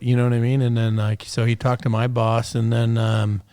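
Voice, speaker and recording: A man's voice: medium pitch, level tone, normal speed, a little mellow, clear, resonant tone, dry recording, studio quality. A middle-aged man from the United States, a podcast guest telling war stories in a casual, profane, rambling way with many fillers. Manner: profane, laid-back storytelling with lots of fillers. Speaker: podcast guest, retired special operations soldier. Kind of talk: casual storytelling interview.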